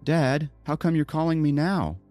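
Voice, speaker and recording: A man voicing an anxious, excitable young woman. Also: normal speed, no room sound, faint music behind, lightly acted. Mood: anxious, excited. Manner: high-pitched, pleading, shouting.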